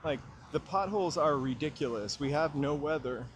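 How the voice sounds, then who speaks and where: A man's voice: on the high side, animated, normal speed, a little hiss or hum. A man hosting a walking livestream, chatting and joking in a rambling way outdoors on a city street, with a small mic clipped to his hat brim. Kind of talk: casual chat while walking.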